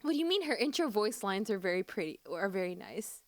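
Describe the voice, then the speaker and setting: A young woman streaming live and reacting, excitable and gushing, swearing often. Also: mid-range voice, quick pace, a little hiss or hum. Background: faint music.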